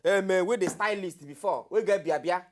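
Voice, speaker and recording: A woman's voice: lowish voice, moderate pace, a little hiss or hum. A woman hosting a comic talk show, bantering playfully in a Nigerian Pidgin accent. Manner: playful, teasing, animated.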